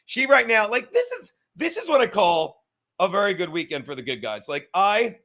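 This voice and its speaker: A man's voice: high voice, big pitch swings, moderate pace, bright, forceful tone. A young man, a comedian and show host, ranting casually and profanely from his apartment, rambling and mocking himself. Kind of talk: casual livestream rant.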